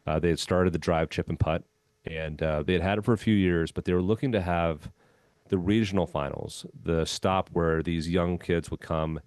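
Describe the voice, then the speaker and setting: A man who used to be a golf club head pro tells a long anecdote in an interview, relaxed and full of "um" and "you know.". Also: sits low, moderate pace, no echo, studio quality. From Minnesota. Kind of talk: storytelling in a conversational interview.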